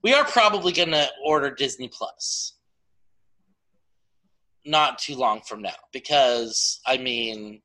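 Male co-host with a bright, sharp tone, casual and animated. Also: mid-range voice, slow, long pauses, poor audio. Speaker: podcast co-host. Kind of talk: casual chat.

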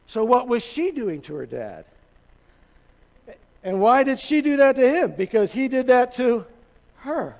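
A male pastor with a notably high voice preaches to his congregation. He tells the story casually and with humor, and his voice carries a long hall reverb. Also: very animated, a little slow, creaky, long pauses, a little mellow. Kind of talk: sermon.

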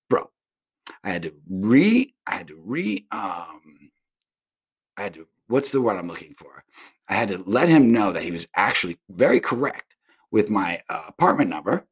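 This man from South Florida has a low, husky voice. He's hosting a casual solo podcast from home, rambling through a profane monologue full of restarts and tangents.

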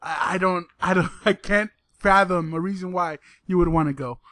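A man's voice: high-pitched, steady tone, moderate pace, sharp tone, no room sound. A young man co-hosting a podcast, talking casually and hesitantly with lots of restarts. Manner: hesitant, repeats words, laid-back. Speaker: podcast co-host. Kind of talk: casual chat.

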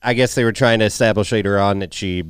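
Easygoing guy with a lowish voice, dry close mic, chatting movies with a buddy. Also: steady tone, fast, smooth, dry recording. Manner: easygoing, agreeable, laughs along. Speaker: podcast co-host. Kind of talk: casual movie review chat.

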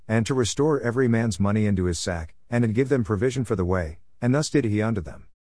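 A man reading scripture aloud in a steady, measured way, giving the archaic text an even delivery. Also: lowish voice, dry recording, clean studio sound. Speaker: scripture reader.

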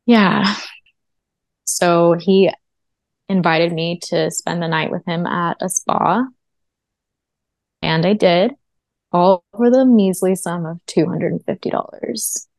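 A woman's voice: on the low side, slow pace, gravelly, long pauses, a little mellow, dry recording. A woman guest in an interview, telling her own story in an earnest, reflective way. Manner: earnest and reflective, with frequent fillers. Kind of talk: personal testimony in a podcast interview.

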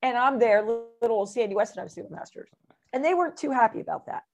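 A woman who is a motivational speaker, telling stories as an interview guest in an animated way, often laughing and acting out quotes. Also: a little high, fast talker, creaky, music in the background. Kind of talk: casual interview storytelling.

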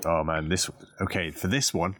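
A man's voice: sits low, fairly even intonation, moderate pace, a bit bright, dry recording, studio quality. A man hosting a casual podcast quiz, teasing the players and laughing often. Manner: teasing, laughs often, does impressions of quotes. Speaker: quiz host.

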